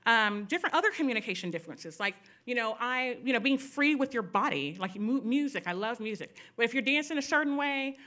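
A woman's voice: a little high, expressive, brisk, hardly any pauses, bright, forceful tone. A middle-aged woman speaking candidly to an audience at a panel event, telling personal stories with many asides.

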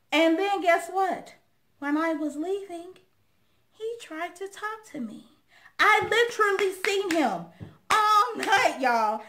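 Outspoken woman with a high, lively voice. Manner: outspoken, animated storytelling. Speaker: vlog host. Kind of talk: casual chat to camera.

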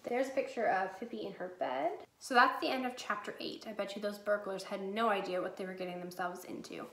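A woman teacher reading a chapter book aloud to her class in a clear, steady storytelling voice. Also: mid-range voice, fairly quick. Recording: echoey room.

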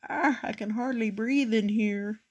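A woman's voice: fairly high pitch, a little slow, darkish tone, slight background noise, voice pushed up, lightly acted. An older woman voicing a tired grown man in a storybook, weary and plain.

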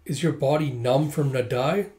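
A man reading a manga aloud and voicing a poised, sharp-witted young woman. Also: mid-range voice, normal speed, close to an everyday voice. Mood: composed. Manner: poised, polite.

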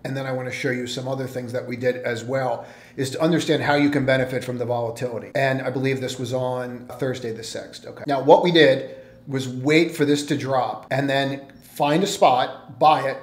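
A man giving energetic trading commentary, coaching with emphatic repetition and rhetorical questions. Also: mid-range voice, normal speed. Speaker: trading educator. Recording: roomy echo.

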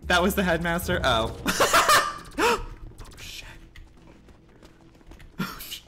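A man's voice: a little high, animated, unhurried, pauses often, over music. A man streaming a role-play game in a flamboyant, campy manner, swearing freely and calling people darling.

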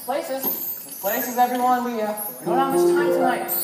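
A woman's voice: on the high side, steady tone, moderate pace, natural voice. A teenage girl playing a bossy, flustered stage narrator who stammers and puts on a British accent in a school chapel comedy skit. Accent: put-on British. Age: teens. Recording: echoey hall, distant mic, music.

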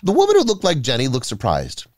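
A male narrator telling a scripted story, his pitch rising and falling widely. His delivery is dramatic and expressive. The sound is dry and close, without room echo. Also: fast.

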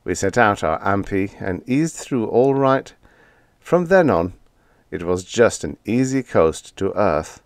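Expressive low-voiced male storyteller. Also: no echo, clean studio sound. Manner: expressive, first-person storytelling. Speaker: audiobook narrator. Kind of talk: scripted narration of a comic story.

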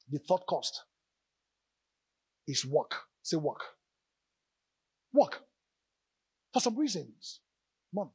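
A male pastor preaching a lively sermon in church, calling out to the congregation and joking between points. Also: sits high, slightly rough, no room sound. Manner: animated preaching with audience call-outs and jokes.

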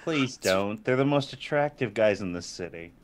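A man playing a tabletop role-playing game, tossing out quick jokes. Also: on the low side, lively intonation. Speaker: player. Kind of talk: joking banter.

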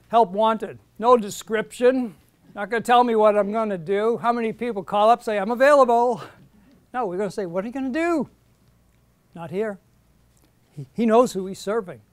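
A man's voice: high-pitched, dry recording. A middle-aged man giving a Bible study lecture, earnest and emphatic when he reads out verses. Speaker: Bible teacher.

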